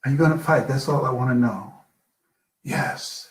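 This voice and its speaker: An older man giving a live motivational talk, telling personal stories with dramatic pauses. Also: medium pitch, echoey room. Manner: storytelling, slow with dramatic pauses. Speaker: motivational speaker.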